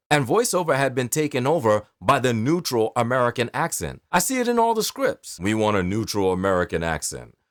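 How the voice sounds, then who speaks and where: Expressive man with a New York accent. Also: mid-range voice, no echo, clean studio sound. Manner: expressive, emphatic storytelling delivery. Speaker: voice actor. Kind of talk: direct-to-camera talk.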